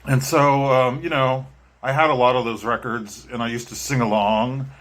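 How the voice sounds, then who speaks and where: A man chats casually to his viewers, drifting from thought to thought. He hesitates often, filling gaps with ums and restarting his sentences. His pitch sits at an ordinary middle for a man. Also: fairly even intonation, moderate pace, a bit bright. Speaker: vlogger and musician. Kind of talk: casual talk to camera.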